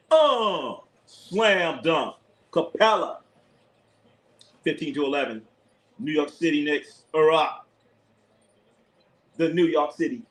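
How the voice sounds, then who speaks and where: A man's voice: on the high side, low-quality recording. A man hosting a live basketball stream, calling plays and giving strong, profane opinions to his chat, often repeating himself. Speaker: live sports commentator, channel host. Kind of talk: casual live game commentary to a chat.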